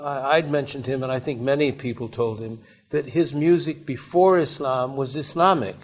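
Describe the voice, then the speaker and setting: A man giving a conversational talk at a university, telling anecdotes in a rambling way with frequent restarts and asides. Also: medium pitch. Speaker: invited speaker. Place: university seminar room.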